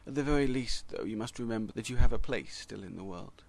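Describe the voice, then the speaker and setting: A man's voice: lowish voice, quick pace, vocal fry, a little mellow. A man voicing a frail, wheezing old programming language that mourns its glory days. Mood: wistful. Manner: weary, self-pitying, grandly nostalgic.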